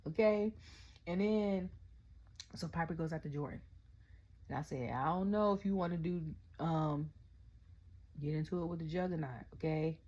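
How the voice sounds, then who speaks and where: A young adult woman, ranting casually about a wrestling event, telling it in animated quotes and often asking "okay?". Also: deep voice, normal speed, long pauses, dull audio. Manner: animated storytelling, quotes her own reactions, frequent "okay?". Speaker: wrestling review vlogger. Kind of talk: casual rant.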